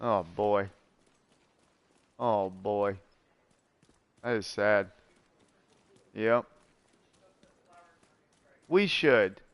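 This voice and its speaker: A man's voice: fairly low pitch, drawn-out words, long pauses, clean tone, no echo. A man streaming a video game, rambling casually and chatting with his viewers, with many fillers and asides. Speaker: gaming streamer. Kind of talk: casual storytelling while gaming.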